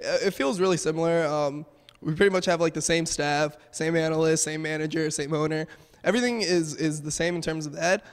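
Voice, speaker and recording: Fast-talking young man, reverberant venue. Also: on the high side, steady tone, clear, resonant tone. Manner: fast, casual, filler-heavy. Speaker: pro gamer. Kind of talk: post-match interview.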